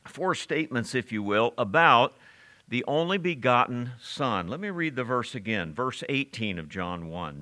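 A man preaching an expository sermon, slowing down to stress the scripture he quotes and turning to the congregation with asides. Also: mid-range voice, lively intonation, sharp tone.

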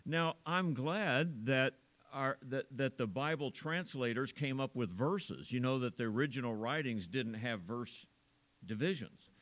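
A man's voice: animated, unhurried, fairly bright tone. Folksy preacher man, chatty and rambling. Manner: folksy, rambling, chuckles often; stresses small words with big pitch swings. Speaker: pastor. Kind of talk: sermon.

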